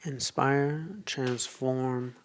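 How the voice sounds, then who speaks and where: A man, a podcast guest telling a story with animated quotes and whispered asides. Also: medium pitch, extremely slow.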